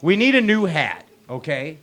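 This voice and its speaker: A man's voice: a little high, very animated, normal speed, crowd noise. A man hosting a live show from a bar, joking with guests and announcing like a hype man. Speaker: show host. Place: bar venue with live audience.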